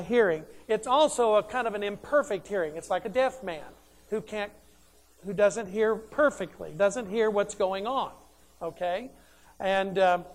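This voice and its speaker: A man preaching a sermon, emphatic and conversational, who asks questions and answers them himself. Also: sits high.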